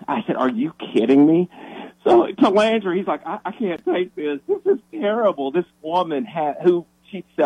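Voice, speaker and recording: A minister telling a story on the radio, with a slightly raised, husky voice. He talks fast and tumbles over his own words, restarting sentences as the excitement builds. The studio sound is dry and close. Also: fairly high pitch, no room sound, dull audio.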